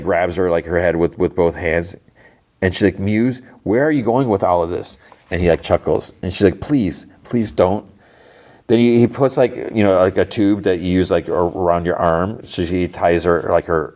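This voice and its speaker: A man's voice: low-pitched, a little mellow. A man hosting a podcast, casually retelling a TV episode scene by scene in a rambling way, full of "like" and "you know". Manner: rambling, filler-heavy retelling with quick asides. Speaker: podcast host.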